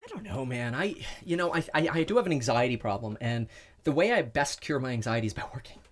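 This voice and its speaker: Overheated male guest, mid-pitched, animated storyteller who acts out quotes. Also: quick pace. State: overheated, heart racing. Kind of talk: casual interview chat. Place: inside a sauna.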